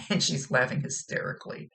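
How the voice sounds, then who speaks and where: A woman's voice: a little fast, pushed and bright. A woman working as a psychic medium, giving a rambling, chatty reading and often laughing. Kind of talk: casual spoken reading.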